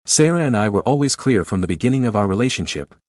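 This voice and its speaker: A man reading a first-person story aloud in an even, measured way. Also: lowish voice, no echo. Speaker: narrator.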